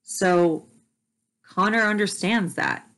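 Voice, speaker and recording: A young mother talking candidly to camera, soft and hesitant, with frequent ums and restarts. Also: medium pitch, slow pace. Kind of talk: candid personal talk to camera.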